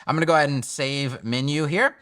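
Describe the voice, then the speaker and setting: A man teaching web design in a casual screen-recorded tutorial, energetic and joking, with emphatic asides. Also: a little high, quick pace.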